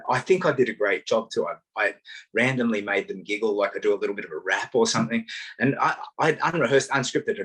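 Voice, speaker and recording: Husky low-voiced Australian man. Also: rough recording. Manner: animated storyteller, self-mocking humour, acts out voices. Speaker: guest. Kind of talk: casual conversation.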